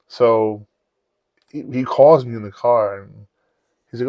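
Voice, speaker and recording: A man's voice: mid-range voice, normal speed, no room sound. A man hosting a podcast, telling profane stories in a casual chat and acting out the dialogue. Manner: animated, profane anecdote-telling with acted-out dialogue. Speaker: podcast host. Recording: dull lo-fi dry sound.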